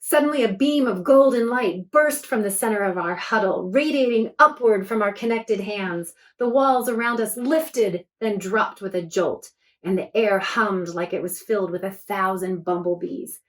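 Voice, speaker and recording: A woman's voice: medium pitch, normal speed. A woman author reading her book aloud to children, chatty and enthusiastic between passages.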